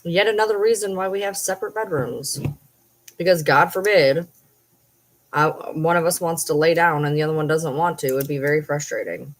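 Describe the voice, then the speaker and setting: Woman at home talking to her dogs, husky voice, kinda low, goes all baby talk with them. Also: moderate pace, poor audio. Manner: switches to cooing baby talk for her pets. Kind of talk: casual chat, talking to her pets.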